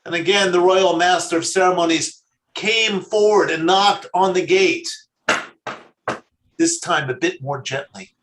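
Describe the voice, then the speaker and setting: A man, a rabbi, telling a story in a sermon, measured and slowing down for emphasis. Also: high-pitched, fairly bright tone. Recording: echoey room.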